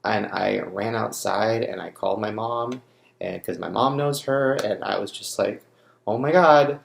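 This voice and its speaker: Shaken by grief, a young vlogger speaks directly to the camera in a personal vlog, his low voice edged with gravelly fry. His halting sentences keep breaking off and starting again, and the sound echoes around a roomy space.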